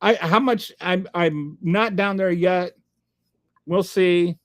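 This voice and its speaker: A man's voice: high voice, slow pace. A man hosting a live stream, reading chat aloud and answering with sarcastic, rambling commentary full of restarts.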